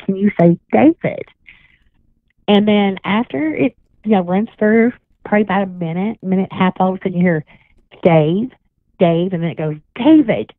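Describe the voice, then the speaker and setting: A woman's voice: mid-range voice, no echo. Woman telling ghost stories over a phone line. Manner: rambling storytelling with many restarts. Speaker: guest psychic and paranormal investigator. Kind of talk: casual radio chat. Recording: tinny phone line, dry.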